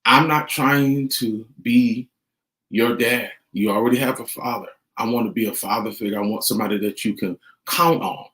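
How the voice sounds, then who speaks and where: A man's voice: medium pitch, normal speed, a bit bright. A middle-aged man vlogging family advice in an earnest, repetitive way, telling stories and acting out what people said. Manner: earnest, repeats key points, retells scenes with quoted dialogue. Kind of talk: casual monologue to camera. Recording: roomy echo.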